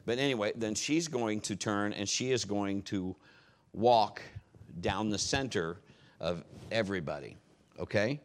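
Casual lower-voiced male pastor. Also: a little slow. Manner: relaxed, conversational, giving instructions. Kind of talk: sermon, leading the congregation.

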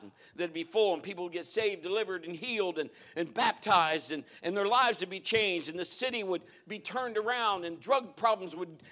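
A male pastor delivering a sermon in a church, his voice pitched a little above the usual for a man. He talks in a folksy, storytelling way, drawing on his own life as he preaches to the congregation. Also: a bit bright.

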